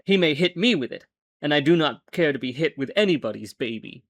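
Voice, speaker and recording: A man voicing a cocky male gunman who speaks low and matter-of-fact. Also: expressive, brisk, dry recording. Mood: cool.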